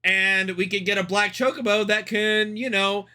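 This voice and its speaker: Young male streamer, excitable rambler, high and bright tone. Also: moderate pace, clean tone. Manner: excitable, rambling, swears freely. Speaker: streamer reacting to a game trailer. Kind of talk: casual live-stream commentary.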